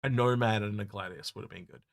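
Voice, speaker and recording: A low-voiced man co-hosting a casual gaming Q&A, talking in a loose, rambling way that turns animated when an idea grabs him. His voice sounds close and dry, with almost no room around it. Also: quick pace, gravelly, no echo. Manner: rambling, animated, laughs easily. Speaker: co-host of a game Q&A show. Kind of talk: casual podcast chat.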